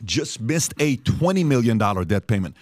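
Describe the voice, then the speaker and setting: A man's voice: mid-range voice, sing-song, normal speed, darkish tone, no room sound. A man hosting a studio talk show, speaking casually and animatedly, repeating himself for emphasis with many fillers. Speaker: podcast host.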